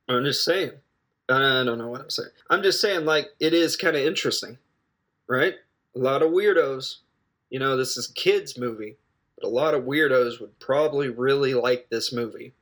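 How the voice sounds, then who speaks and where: A man with a bright, forward voice talks through a film plot in a loose, rambling way. He keeps cracking jokes, wandering off on tangents and correcting himself mid-sentence, like a casual video reviewer. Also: mid-range voice. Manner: jokey, digressive, quick asides and self-corrections.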